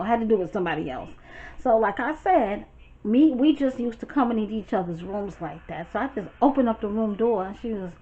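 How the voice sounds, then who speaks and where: A young woman from Brooklyn with a New York accent, telling a storytime in a blunt, sassy, animated way. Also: mid-range voice. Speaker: storytime vlogger. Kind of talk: casual storytime chat. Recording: dull lo-fi sound, faint noise.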